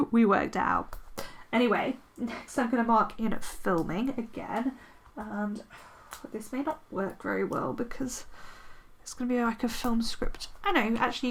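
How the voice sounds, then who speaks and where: This planner vlogger is a woman with a medium-pitched, fairly bright voice, and there's slight noise in the background. She narrates casually while decorating her planner, rambling with fillers and making fun of herself in a chatty way.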